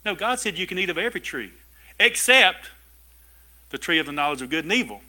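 A man pastor preaching a sermon in a lively way, with asides and chuckles to his congregation. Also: fairly high pitch, rapid-fire. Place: church service with a congregation.

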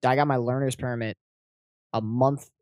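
Slangy young New comedian. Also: male voice, mid-range voice, steady tone, normal speed, a little mellow, dry recording, clean studio sound. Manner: swearing, casual slang, filler-heavy. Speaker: comedian, podcast co-host. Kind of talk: casual chat.

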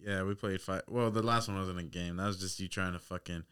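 Bright, clear-voiced man teasing his co-host. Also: low-pitched, fairly even intonation, a little fast. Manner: brash, teasing, jokey. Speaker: podcast co-host. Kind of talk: casual chat.

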